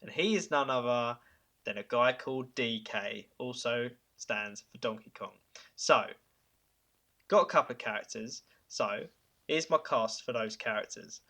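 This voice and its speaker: Bright-voiced man pitching eagerly. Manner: enthusiastic, chuckling, halting fillers. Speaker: podcast host. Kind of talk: casual pitch chat.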